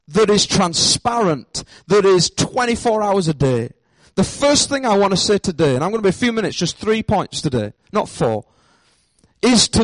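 A man's voice: high-pitched, dry recording, low-quality recording. A man preaching a sermon in a church, emphatic and repeating his key phrases. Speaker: pastor.

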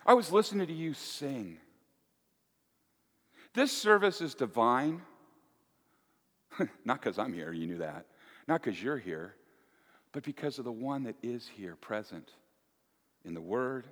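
A male pastor giving a folksy, animated sermon with playful asides to the congregation. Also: a little high. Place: church. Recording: echoey church hall.

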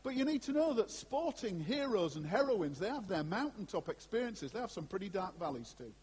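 A man preaching a sermon to a congregation in an animated, conversational way, with asides to his listeners. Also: high-pitched, brisk, slight background noise. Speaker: pastor. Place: church before a congregation. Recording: long hall reverb.

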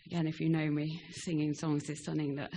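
Young woman with a low, gravelly voice. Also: little pitch movement, brisk, dark tone, slight background noise. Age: young adult. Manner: hesitant, with frequent ums. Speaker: departing church member. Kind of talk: farewell speech and scripture reading. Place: church.

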